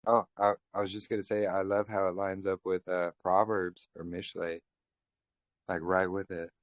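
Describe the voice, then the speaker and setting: A man's voice: low voice, level tone, moderate pace, no room sound, muffled recording. A man from the Southern United States, easygoing and upbeat, hosting a group video call.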